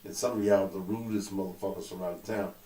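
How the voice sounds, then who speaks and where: A man with a cold, hosting his own show with loud, profane commentary that swings between low mutters and outbursts. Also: steady tone, fast. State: suffering with a cold. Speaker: show host. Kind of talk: casual talk-show commentary. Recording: echoey room.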